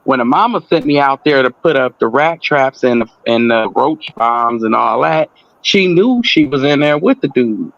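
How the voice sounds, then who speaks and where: A man telling a personal story in casual talk, animated, acting out the voices of the people in it. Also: medium pitch, normal speed, creaky, lo-fi sound.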